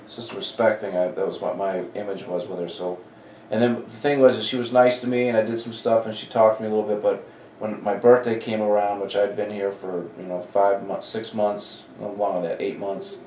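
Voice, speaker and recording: Animated man in his forties telling stories. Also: fairly low pitch, a little fast, slight background noise. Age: 40s. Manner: animated, acts out quoted dialogue. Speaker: comedy club talent coordinator. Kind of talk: casual interview storytelling. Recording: echoey room, mic at a distance.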